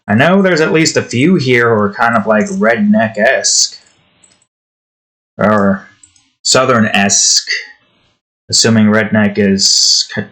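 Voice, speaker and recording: A man's voice: medium pitch, a bit bright, rough recording. Tired young man rambling while drawing. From New Jersey. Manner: meandering, frustrated rant with frequent restarts. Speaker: art streamer.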